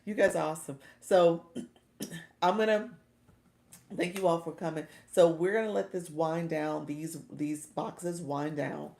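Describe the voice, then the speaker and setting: A middle-aged woman from Orlando, Florida, a livestream host and coach, chats casually with viewers from home, often laughing. Her low voice is steady and unhurried, darkish with vocal fry, and the audio is reverberant.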